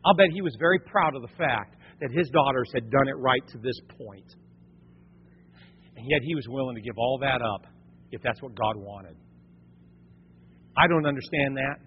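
A man's voice: mid-range voice, slight background noise. A man preaching a sermon in a folksy storytelling way, talking to his congregation as folks. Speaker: pastor. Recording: dull, echoey church hall recording.

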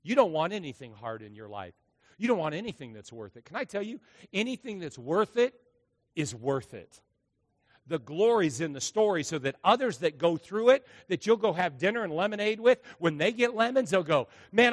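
A male pastor preaching a sermon in a church, emphatic, swinging between loud and hushed. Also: fairly high pitch, expressive, fairly quick, big-room sound. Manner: emphatic preaching with dramatic acted quotes and big volume swings. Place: church sanctuary.

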